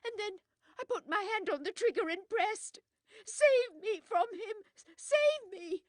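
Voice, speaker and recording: A terrified middle-aged widow, her voice leaping high into panicked, shrieking cries. The pitch swings wildly, and the sound is close and dry. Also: lively intonation, slow pace, no room sound, heavily acted. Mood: hysterical.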